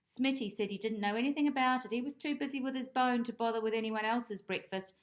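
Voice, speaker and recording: A woman reading a children's picture book aloud in an expressive, animated way. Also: fairly high pitch, quick pace, hardly any pauses. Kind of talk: children's storybook read-aloud.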